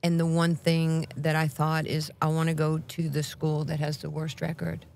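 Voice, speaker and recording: A woman in her sixties with a New York accent tells stories with a lot of energy, slipping into quick voices for the people in them. Her voice sits a little low for a woman, and she breaks into laughter often. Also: monotone, darkish tone. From Brooklyn, New York. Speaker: guest. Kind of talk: animated storytelling.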